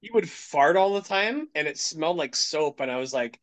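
A man's voice: on the high side, animated, normal speed, a bit bright, poor audio. A man hosting a podcast, telling rowdy stories in casual chat, swearing constantly and laughing at his own jokes. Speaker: podcast host.

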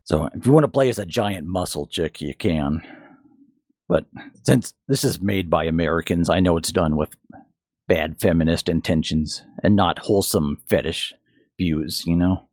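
A man's voice: deep voice, moderate pace, darkish tone, no echo, clean studio sound. A man co-hosting a podcast, giving blunt, opinionated game reviews in casual chat. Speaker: podcast co-host.

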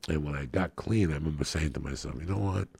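A man's voice: extremely low pitch, fast, vocal fry, a little mellow, slightly rough, no room sound. A middle-aged man, a guest comedian, telling a rowdy, profane story on a podcast and acting out the people in it.

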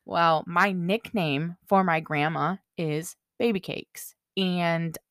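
A woman's voice: on the low side, fairly even intonation, slow pace, a bit bright, no echo, studio quality. Blunt, foul-mouthed woman telling a story. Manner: blunt and heavily profane, with lots of "like". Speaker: podcast co-host. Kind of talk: casual storytelling chat.

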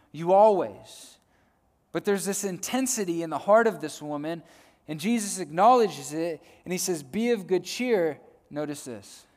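A male preacher giving a sermon, swinging between loud emphasis and soft hushed lines, often repeating words as he builds a point. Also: high-pitched. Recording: long hall reverb.

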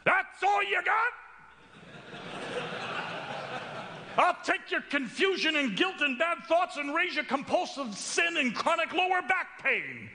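A brash man bellows boasts and taunts from the back of a crowd, his voice pitched high and shouting. He sounds bright and forceful, as a preacher puts him on, and it all rings out with a long hall reverb. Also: sing-song, normal speed, full character voice. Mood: boastful taunting.

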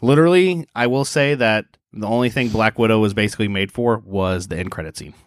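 A man's voice: fairly low pitch, brisk, no room sound, clean studio sound. A man co-hosting a casual podcast, chatty and opinionated, with frequent fillers. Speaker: podcast co-host. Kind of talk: casual chat.

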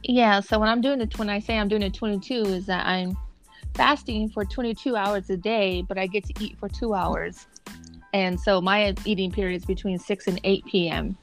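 A woman's voice: medium pitch, fairly even intonation, moderate pace, soft background music. A woman co-hosting a casual chat, chatty and upbeat. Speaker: podcast co-host.

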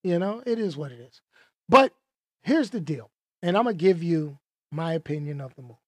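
Movie reviewer, casual vlog, emphatic, rhetorical questions, lively pitch, dry sound. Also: normal speed, no echo. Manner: emphatic, opinionated, rhetorical questions, repeats for effect.

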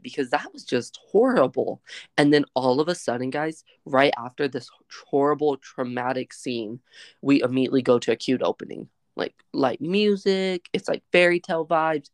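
A podcast co-host giving frank, animated opinions on a horror movie, swearing casually. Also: mid-range voice, normal speed, no echo, clean studio sound. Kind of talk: casual movie review chat.

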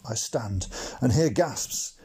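A man's voice: mid-range voice, lively intonation, takes it slowly, warm tone, breathy edge. A man reading his own humorous memoir aloud for a blogcast, in a wry, mock-dramatic storytelling manner with comic asides. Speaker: blogcast narrator.

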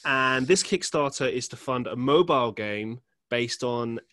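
A man's voice: mid-range voice, measured pace, pushed and bright. A man hosting a podcast interview, agreeable and laughing along with his guest. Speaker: podcast host. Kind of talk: casual interview chat.

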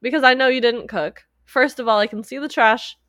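A woman with a fairly high voice chats casually, retelling a movie and slipping into quoted lines of its characters. Her sound is dry and close, with no room around it. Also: fairly quick, no room sound. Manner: animated retelling with quoted voices, frequent laughs. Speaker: podcast co-host. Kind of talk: casual chat recapping a movie.

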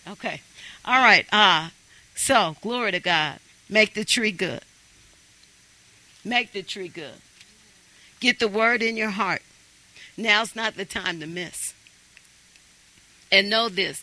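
A man's voice: high voice, measured pace, pushed and bright, rough recording. A man preaching a sermon, emphatic and urging his congregation on.

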